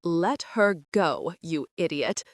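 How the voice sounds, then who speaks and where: A woman narrator voicing a wounded young nobleman who speaks low and menacing in an audiobook. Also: animated, takes it slowly, dry recording. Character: injured young lord, stern and protective.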